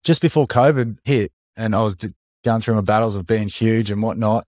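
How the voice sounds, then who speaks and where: A man's voice: lowish voice, brisk, dry recording. Fired-up Australian man hosting a podcast. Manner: energetic, blunt, swears, calls people mate. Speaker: podcast host. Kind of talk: casual podcast interview.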